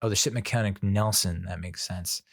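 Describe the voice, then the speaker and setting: A man's voice: low-pitched, steady tone, moderate pace, a bit bright, no echo, studio quality. A man giving a casual spoken movie review, rambling with lots of fillers, restarts and frequent laughter.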